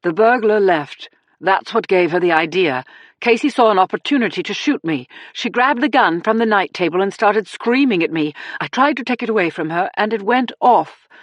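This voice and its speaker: A woman's voice: lively intonation, normal speed, no room sound, natural voice. Casting: woman narrator voicing a defensive celebrity husband under questioning, sputtering and tearful, dry close sound. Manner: sputtering, pleading, raised pitch. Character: slick male celebrity suspect, defensive, tearful.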